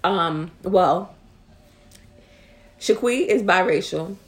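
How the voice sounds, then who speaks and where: A woman co-hosting a podcast in casual chat, an animated storyteller who giggles and speeds up when excited. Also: on the low side, takes it slowly. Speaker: podcast co-host.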